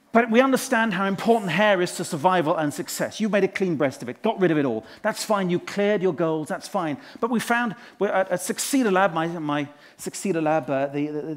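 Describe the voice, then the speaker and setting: A man playing a pompous, self-adoring management guru in a live stage comedy act, spouting rhymes and quizzing the audience from a conference stage. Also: high voice. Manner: showy rhyming wordplay, quizzes the audience. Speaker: motivational speaker character.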